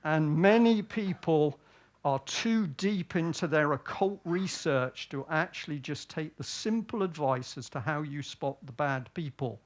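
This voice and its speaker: A British man gives a public talk at an event, speaking unhurriedly in a voice on the high side. He frequently poses rhetorical questions to himself and then answers them.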